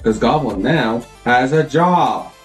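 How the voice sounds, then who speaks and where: A man's voice: mid-range voice, lively intonation, slow pace, faint music behind. A man live streaming, chatting casually and rambling as he thinks aloud, always calling himself Goblin in the third person.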